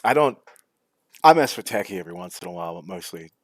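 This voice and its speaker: A man's voice: sits low, lively intonation, fast talker. A man chatting as a guest on a live-streamed podcast, joking and mocking himself. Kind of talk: casual chat.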